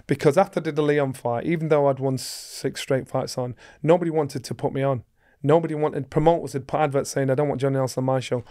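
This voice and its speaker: A middle-aged man, a former boxer telling stories as a guest, acting out the voices of others and rising to shouts. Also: mid-range voice, fairly even intonation, fast talker. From England. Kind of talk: animated storytelling.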